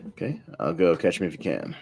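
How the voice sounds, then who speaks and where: A man with a very deep voice runs a relaxed group chat about movies. His pitch swings a lot as he talks, and he laughs easily between picks. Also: fairly quick, vocal fry. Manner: laughs often, easygoing. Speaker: podcast host running a movie bracket.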